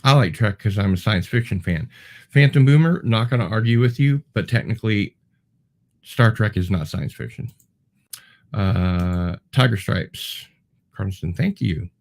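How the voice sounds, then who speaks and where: A man's voice: fairly low pitch, a little slow, gravelly. A man hosting a casual livestream, answering viewer comments in a rambling, digressive way with many ums and restarts and wry asides. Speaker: show host.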